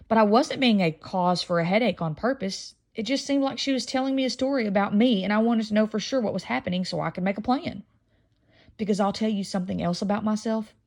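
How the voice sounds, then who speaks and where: Woman reading a children's novel. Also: mid-range voice. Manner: lively first-person storytelling. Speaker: audiobook reader.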